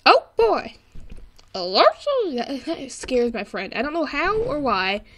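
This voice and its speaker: Excitable young woman playing a game. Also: high-pitched, unhurried, slight background noise. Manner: excitable, laughing, yelling at the game. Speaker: gameplay commentator. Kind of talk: let's play commentary.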